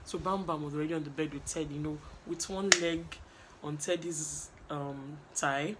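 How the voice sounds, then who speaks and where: A woman's voice: deep voice, fairly even intonation, normal speed, very noisy. A young Nigerian woman with a gossipy, chatty manner, recapping a reality show and acting out what the contestants said. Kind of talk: animated casual recap with acted quotes.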